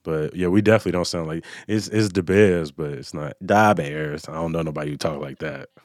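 Relaxed low-voiced man. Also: a little fast, no echo, clean studio sound. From South Side of Chicago. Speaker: podcast host. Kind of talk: casual chat.

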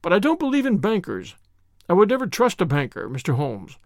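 A man's voice: wildly swooping pitch, a little fast, no echo, clean studio sound, exaggerated voice. A man voicing a fat, frightened middle-aged man with a reedy, quivering, nervous voice. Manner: nervous, pleading, high-strung.

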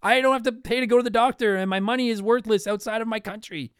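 Reading and responding to listener mail, this Canadian man hosts a casual podcast, rambling apologetically and interrupting himself mid-sentence. He's a fast talker with a very high, fairly bright voice and a steady tone, captured in clean studio quality with no room sound.

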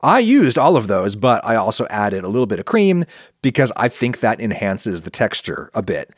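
A man hosting a podcast, making his case to listeners in an animated, argumentative monologue. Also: moderate pace, dry recording, clean studio sound. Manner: animated, argumentative, swings pitch for emphasis. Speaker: podcast host answering listener questions. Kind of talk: casual spoken monologue.

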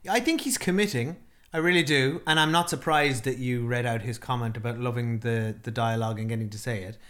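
A woman co-hosting a podcast in relaxed conversation, prompting her co-host and laughing along. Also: extremely low pitch. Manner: laid-back, prompting and quick to laugh. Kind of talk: casual chat.

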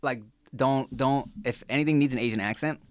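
A man's voice: mid-range voice, fairly quick, no room sound. Profane storytelling man, dry close mic. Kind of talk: casual chat.

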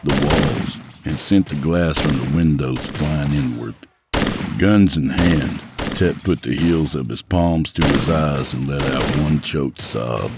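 A man narrating a dark story in a measured, grave voice. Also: extremely low pitch, heavy background noise. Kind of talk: dramatic audiobook narration. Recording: gunfire sound effects behind.

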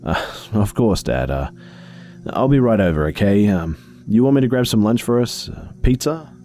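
Young woman officer voiced by a man, earnest, hesitant, mellow tone. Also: fairly low pitch, lively intonation, normal speed, pitched above the performer's own voice, natural voice. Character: young woman police officer, daddy's girl.

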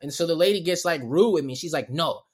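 Animated man telling a wild story. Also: a little high, fast, husky. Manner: animated, profane street-slang storytelling. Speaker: comedian guest. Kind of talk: storytelling in casual chat.

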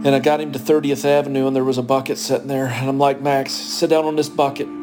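A man's voice: mid-range voice, level tone, fast talker, loud music behind the voice. A man interviewed as a coworker, plain-spoken and repeating phrases as he retells events. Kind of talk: recounted interview testimony.

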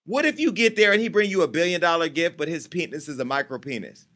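A man hosting a gossip show with a brash, profane delivery. His voice sits a little high and has a sharp, forceful edge. He talks in a casual, teasing way, as if chatting with people in the room. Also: expressive, fast talker. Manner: brash, profane and teasing, talking to off-camera staff. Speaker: host of a celebrity gossip show.

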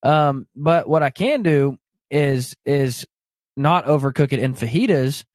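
A man's voice: medium pitch, measured pace, a little mellow, dry recording. A man hosting a podcast in casual chat, making his points in an emphatic, preachy way. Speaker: podcast host.

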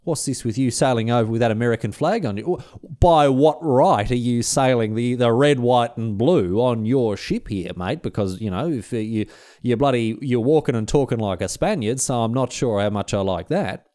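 A man doing a gruff, suspicious ship navigator. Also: mid-range voice, moderate pace, darkish tone, no echo, studio quality, close to an everyday voice. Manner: gruff, challenging.

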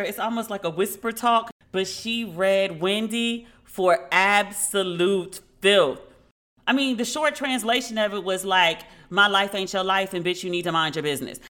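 A woman hosts a casual podcast, telling frank, animated stories and swearing now and then. She acts out every back-and-forth herself, in a bright, forceful voice at a mid-range pitch. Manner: animated storyteller who acts out dialogue. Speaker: podcast host.

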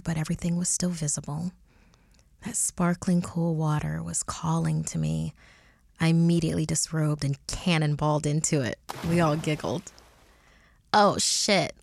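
A woman co-hosting a podcast, narrating a scary story in a hushed, often half-whispered voice. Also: sits low, gravelly, breathy edge, dry recording, studio quality. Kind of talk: scripted horror story narration.

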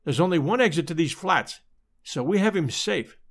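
A man's voice: fairly high pitch, lively intonation. A man voicing an eager, boastful police detective in a storybook reading. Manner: eager, brisk.

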